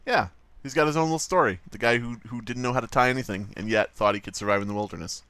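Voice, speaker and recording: A man's voice: medium pitch, quick pace, a bit bright, no echo. A man casually commenting on his livestream while drawing, rambling, joking and swearing a lot. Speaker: streamer.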